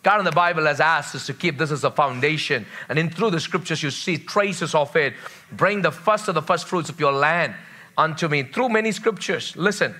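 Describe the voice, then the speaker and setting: A man's voice: fairly high pitch, normal speed, pushed and bright. A man preaching a sermon to his church, stressing phrases by repeating them and asking the congregation to respond. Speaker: pastor.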